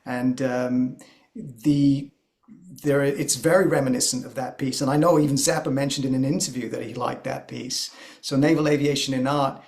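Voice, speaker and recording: A man of middle pitch talks through musical ideas slowly and thoughtfully. He circles back, fills pauses, and explains things step by step. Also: fairly even intonation, a little mellow. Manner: thoughtful, explanatory, many fillers. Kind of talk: conversational music discussion.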